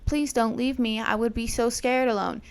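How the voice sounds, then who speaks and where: A woman's voice: fairly high pitch, fairly even intonation, normal speed, smooth, natural voice. A woman voicing a clingy young woman who pleads and whines not to be left alone. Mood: pleading. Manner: pleading, whiny.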